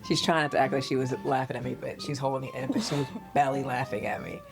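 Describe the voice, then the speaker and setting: A woman from the United States, a podcast host and mother, telling family stories in an animated, casual way and laughing often. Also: rumbling low, fairly quick, creaky, over music.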